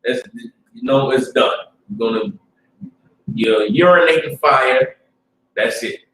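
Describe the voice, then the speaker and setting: A man teaches a religious class in a relaxed, streetwise preaching style, slowly and often asking "you understand?", shifting from low muttered asides to loud outbursts. He stands far from the mic, and the recording sounds roomy.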